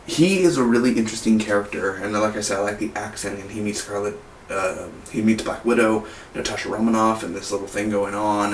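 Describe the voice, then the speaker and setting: A lower-voiced man rambles through a casual movie review, stumbling over restarts and fillers. He sounds distant from the mic in an echoing room. A faint hiss sits behind him. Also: brisk. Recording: roomy echo, mic far off, faint hiss.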